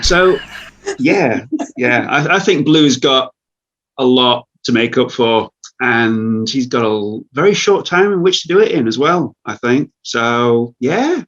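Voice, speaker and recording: A man's voice: mid-range voice, lively intonation, unhurried, a bit bright. Wry man on a dull lo-fi mic. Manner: wry, frank, amused. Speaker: voice actor in the cast. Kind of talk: casual panel chat.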